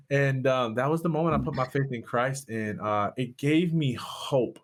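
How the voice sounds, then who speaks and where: A man's voice: medium pitch, moderate pace, few pauses. A man from Michigan, a pastor, telling a personal story in an interview with rising passion. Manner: impassioned, voice rising sharply at peaks. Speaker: guest, pastor and speaker.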